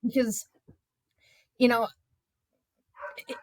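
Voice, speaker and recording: A woman in her fifties, a journalist guest, telling her own stories in a candid, animated way with many filler words. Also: a little high, drawn-out words, dry recording. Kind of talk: candid conversational storytelling.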